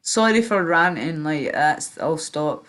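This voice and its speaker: A woman's voice: sits low, expressive, slow, a bit bright. A Northern Irish woman hosting a casual livestream chat, rambling and swearing, with lots of fillers and trailing-off sentences. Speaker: stream host.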